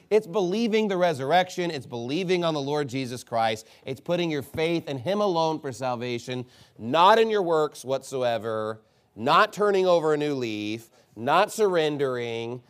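A man preaching a sermon in a casual, conversational way, asking lots of rhetorical questions. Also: fairly high pitch. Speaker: pastor.

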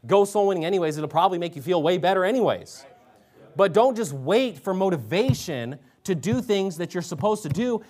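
A man's voice: high-pitched, expressive, moderate pace, a little mellow. A man preaching a sermon, exhorting his listeners and reading scripture aloud with emphasis. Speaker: pastor.

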